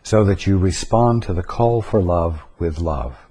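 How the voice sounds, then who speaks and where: A man giving a spiritual teaching talk, slow and deliberate, pausing to stress single words. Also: deep voice, dark tone, husky.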